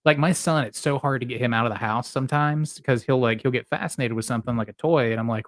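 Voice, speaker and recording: A man co-hosting a podcast in casual chat, laid-back and joking, telling animated stories. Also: medium pitch, fast, few pauses, no room sound, clean studio sound. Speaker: podcast co-host.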